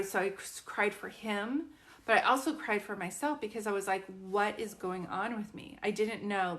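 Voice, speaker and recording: A woman in her fifties speaks at a middle pitch, chatty and earnest as she tells a personal story. She often stops and restarts her sentences and leans on casual fillers. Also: fairly bright tone. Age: 50s. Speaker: psychic medium.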